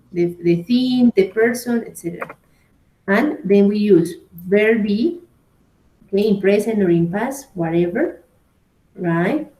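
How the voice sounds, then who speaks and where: A woman with a Colombian Spanish accent teaches an English grammar class, moving slowly through each point and often asking "right?" and "okay?" Her voice is medium-pitched and dark in tone. The bare, echoey room adds noticeable echo, with slight background noise.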